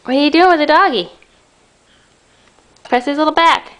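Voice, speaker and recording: A mother talking to her toddler in sing-song baby talk, coaxing and gentle, filmed at home on a handheld camcorder. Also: sits high, normal speed, a little hiss or hum. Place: at home indoors.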